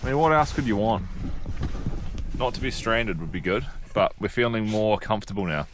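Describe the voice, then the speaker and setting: A man's voice: fairly low pitch, expressive, moderate pace. A man from New Zealand chatting casually to the camera on a winter camping trip in a snowstorm. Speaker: outdoor vlogger. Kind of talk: casual vlog narration. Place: outdoors in a snowstorm and a camp shelter. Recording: wind noise on the mic.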